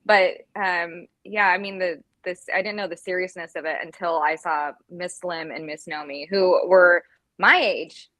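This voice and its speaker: A woman in her thirties speaks as a podcast guest in a fairly low, soft voice. She talks hesitantly with frequent ums and pauses. The recording is dry and close. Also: fairly even intonation, no room sound. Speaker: guest, history content creator. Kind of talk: casual interview chat.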